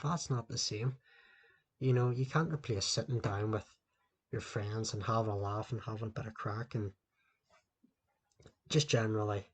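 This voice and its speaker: A man's voice: mid-range voice, slightly rough. A man hosting a podcast on his own, talking into a laptop indoors in a rambling, loosely ranting way and swearing constantly. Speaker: podcast host. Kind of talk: solo podcast rant. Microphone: laptop microphone.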